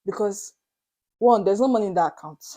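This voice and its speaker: A young Nigerian woman vlogger retelling a story to her viewers in an animated, dramatic way, slipping into Pidgin asides. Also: medium pitch, fairly quick. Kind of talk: storytelling to camera.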